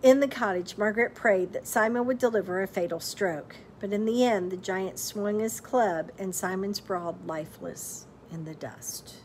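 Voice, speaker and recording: A woman reads a storybook aloud with expressive narration, pausing to ask her listeners questions like a teacher. Her voice sits in an ordinary middle pitch. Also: slight background noise. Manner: expressive, pauses to quiz listeners.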